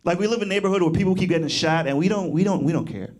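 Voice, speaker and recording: A young man does stand-up in a fairly high voice. He rambles loosely and laughs at his own jokes as he goes. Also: rapid-fire, darkish tone. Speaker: stand-up comedian. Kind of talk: stand-up comedy.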